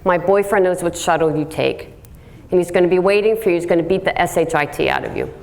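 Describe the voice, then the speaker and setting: A woman's voice: fairly low pitch, big pitch swings, fast talker, a little mellow. A woman voicing a hostile young nursing assistant who bluntly threatens a coworker, in a live talk. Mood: threatening.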